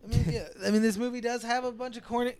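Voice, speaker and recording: High, smooth-voiced excitable man. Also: fast talker, dry recording. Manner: excitable, laughs often, swears freely. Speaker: podcast co-host. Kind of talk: casual movie review chat.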